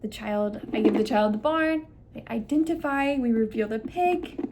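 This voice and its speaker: A woman's voice: on the high side, normal speed, darkish tone, slight background noise. A young woman speech therapist walking parents through a listening game step by step, stressing key words. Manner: explains step by step, models exaggerated emphasis on key words. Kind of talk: instructional demonstration.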